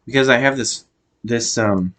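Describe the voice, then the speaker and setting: An American man giving a casual review monologue, often pausing and restarting as he searches for words. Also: medium pitch, fairly bright tone. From United States. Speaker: show reviewer.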